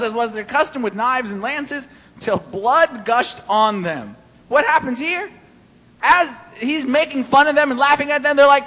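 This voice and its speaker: A man preaching a sermon-style Bible study, animated and playful, quizzing his listeners. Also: very high-pitched, normal speed, long reverb tail.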